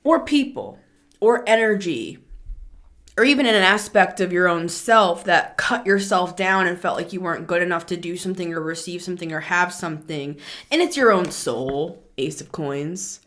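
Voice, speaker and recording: A woman giving a casual, chatty tarot reading to camera, animated and quick to laugh. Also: lowish voice. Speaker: tarot reader.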